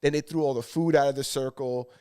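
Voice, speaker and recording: A man's voice: medium pitch, fairly even intonation, fast, warm tone, clean tone. Rambling man telling a story on a podcast. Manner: rambling storyteller, swears freely. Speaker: podcast co-host. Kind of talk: casual chat.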